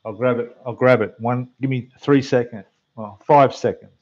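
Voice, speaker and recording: A man with an Australian accent hosting a casual model-building livestream, chatting away to viewers in a slightly rough voice. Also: mid-range voice, fairly even intonation, moderate pace, muffled recording. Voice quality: rough, losing its depth. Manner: chatty, rambling, talks to the chat while building. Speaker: scale model livestream host. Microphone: desk microphone, quieter when turned away.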